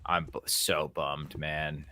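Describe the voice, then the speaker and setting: A man co-hosting a casual live stream, relaxed and measured as he gives opinions. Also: very deep voice, no echo. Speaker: podcast co-host.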